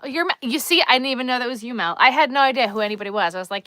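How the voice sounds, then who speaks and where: A woman's voice: on the high side, rapid-fire, pushed and bright, no room sound. A woman with a Long Island accent hosting a crochet live stream, chatting casually and thinking aloud as she works and reads the chat.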